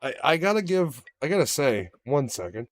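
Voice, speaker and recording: A man co-hosting a casual podcast chat, animated and profane, getting loud for emphasis. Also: a little high, moderate pace, no room sound. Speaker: podcast co-host.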